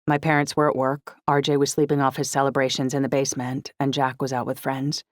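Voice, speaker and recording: An audiobook narrator reading a first-person novel in a reflective, even storytelling manner. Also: medium pitch, a little fast, no echo, studio quality.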